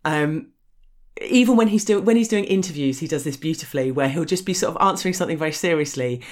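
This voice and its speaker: A woman with a posh English accent chats frankly as an interview guest, swearing freely and laughing often in casual conversation. Her voice sits low and is a little mellow, and she talks fast.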